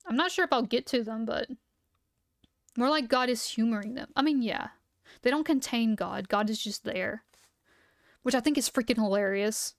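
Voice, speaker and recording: A woman's voice: on the high side, no room sound, studio quality. A young woman streamer reading aloud and chatting casually, her voice a bit worn as she is losing it. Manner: chatty, reads aloud then reacts.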